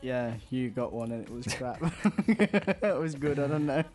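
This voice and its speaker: A man with a mid-range voice co-hosts a relaxed chat. He teases his partner with quick jokes. Faint music plays behind him. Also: mid-range voice. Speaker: podcast co-host. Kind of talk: casual chat.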